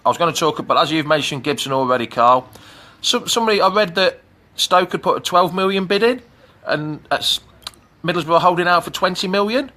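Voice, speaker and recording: Midlands bloke, middle-aged, chatty fan stream from a pool, bright forceful voice. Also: male voice, fairly high pitch, lively intonation, brisk. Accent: English Midlands. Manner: chatty, greets viewers by name. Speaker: fan channel host. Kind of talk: live-streamed casual chat. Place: outdoors in a swimming pool. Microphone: phone camera.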